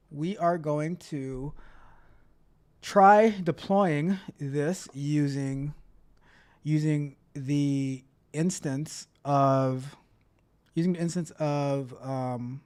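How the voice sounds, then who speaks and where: A man hosting a casual tech livestream, talking to his chat in an upbeat, chatty way. His voice sits a little high. He often repeats phrases and trails off while reading comments. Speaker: livestream host and tech coach.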